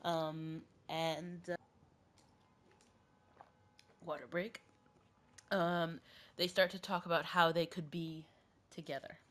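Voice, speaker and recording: A woman's voice: sits low, little pitch movement, a little slow, fairly bright tone. A woman hosting a podcast, with a cough, casually retelling a myth in a rambling, filler-heavy way. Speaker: podcast host.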